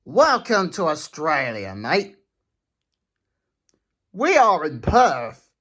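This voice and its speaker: A woman's voice: deep voice, huge pitch swings, extremely slow, a bit bright, full character voice. A woman voicing a friendly, easygoing male train engine in a storybook reading, chatty and laid-back.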